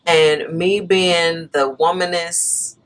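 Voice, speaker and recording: A woman's voice: on the low side, slow pace. A woman co-hosting a casual chat, telling a story with lots of laughter and pushing back when she is cut off. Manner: animated, laughing, talks back when interrupted. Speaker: podcast co-host.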